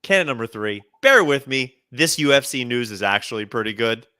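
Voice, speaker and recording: Man, comedy podcast co-host, animated storyteller, bright voice, dry close sound. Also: mid-range voice, fairly quick, clear, resonant tone, no room sound. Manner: animated storyteller, acts out quotes. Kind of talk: casual comedic chat.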